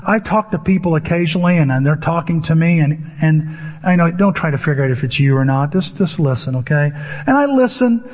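A man's voice: a little high, expressive, fairly quick. A man preaching a sermon, telling stories with animation and acting out his own inner voice. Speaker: pastor. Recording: dull lo-fi audio with long hall reverb.

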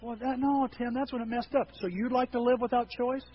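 Folksy preacher, high male voice. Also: fairly even intonation, a little fast, dull audio, a little hiss or hum. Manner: folksy storytelling with jokes. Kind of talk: humorous sermon.

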